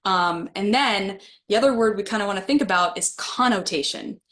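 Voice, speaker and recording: A woman presents a webinar for adult educators in a casual, friendly manner, reading chat comments aloud and laughing along with them. Her voice is mid-range, slightly bright, and moderately paced.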